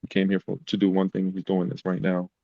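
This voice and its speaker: Very deep flat-voiced man telling stories. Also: quick pace, gravelly, no echo, highs cut off. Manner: emotional, animated retelling. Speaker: podcast guest. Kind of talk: casual storytelling.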